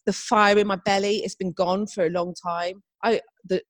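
A woman's voice: mid-range voice, moderate pace. A young woman chatting casually as podcast co-host, telling stories with lots of acted-out quotes. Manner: animated storytelling, acts out quotes. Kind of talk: casual chat.

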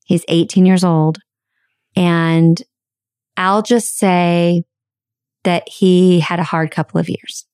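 Candid, animated woman podcast host. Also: fairly low pitch, slow pace, pauses often, clear, resonant tone, dry recording, studio quality. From United States. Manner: candid, animated, swears casually. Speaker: podcast host and life coach. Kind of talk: personal storytelling monologue.

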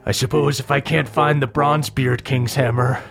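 A man's voice: mid-range voice, fairly even intonation, moderate pace, vocal fry, a bit bright. A man voicing a scornful dragon who taunts his rival. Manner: sneering, taunting. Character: dragon king, gruff and scornful.

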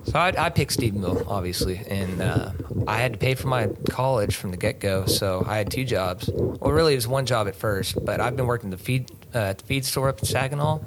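A man's voice: on the low side, animated, brisk, few pauses, heavy background noise. A man, a podcast guest telling his story in a rambling, easygoing way with lots of filler words. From Texas. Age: 20s. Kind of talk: casual interview storytelling.

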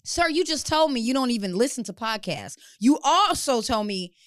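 This young adult woman co-hosts a casual podcast, trading stories with plenty of swearing and quick laughter. Her voice sits high and leaps around with expressive, bouncing intonation. The studio sound is close and dry. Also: dry recording. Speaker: podcast co-host.

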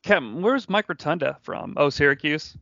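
A man's voice: on the high side, big pitch swings, normal speed, creaky, sharp tone, dry recording. A man co-hosting a casual podcast chat, rambling and hesitant. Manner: rambling, hesitant, full of restarts. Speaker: podcast co-host. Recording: dry, slightly dull lo-fi recording.

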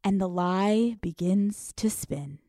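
A young American woman telling a comedic story, profane and lively, acting out the people in it. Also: medium pitch, slow, no echo, clean studio sound. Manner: animated, profane, acts out quoted voices. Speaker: podcast host.

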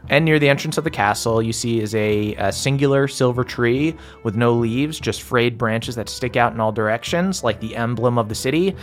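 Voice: medium pitch, moderate pace, few pauses, faint music behind. A game master narrating a tabletop game in a rambling way with lots of fillers.

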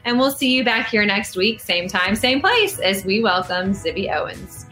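A woman host with a bright, crisp voice who signs off the show in an upbeat, announcing way. She speaks a little high over a video call, with faint music underneath. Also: animated, moderate pace. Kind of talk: show sign-off.

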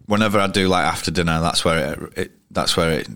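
A man's voice: low-pitched, quick pace, pushed and bright, dry recording, clean studio sound. A man in his thirties, a cricketer guest telling anecdotes in a rambling, casual way full of restarts. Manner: rambling, frequent restarts and fillers. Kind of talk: casual storytelling interview.

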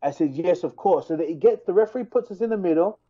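Man, fighter telling a story, casual podcast talk, restarts often, slightly high voice, dull lo-fi sound. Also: fast talker, breathy edge. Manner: animated, fired-up retelling with many restarts.

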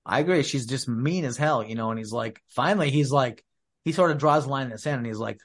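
A man's voice: medium pitch, fast talker. A man retelling a film's scenes in casual podcast chat, quoting characters in his own voice. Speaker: podcast co-host. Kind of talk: casual movie recap chat.

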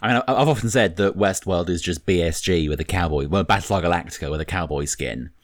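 A man's voice: deep voice, quick pace, dry recording, clean studio sound. A man co-hosting a podcast, talking in an enthusiastic, conversational way with many "like"s. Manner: conversational, enthusiastic, says "like" a lot. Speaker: podcast co-host. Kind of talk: casual chat.

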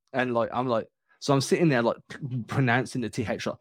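A man's voice: mid-range voice, fairly even intonation, a little fast, few pauses, no echo. A man, co-hosting a sports podcast in loose, chatty talk full of fillers. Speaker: podcast co-host. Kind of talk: casual chat.

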